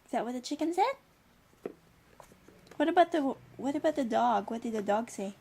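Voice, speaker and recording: A woman's voice: sits high, moderate pace, pauses often, noisy background. A woman speaking to a small child as a parent, coaxing and praising in a sing-song way while going through a picture book.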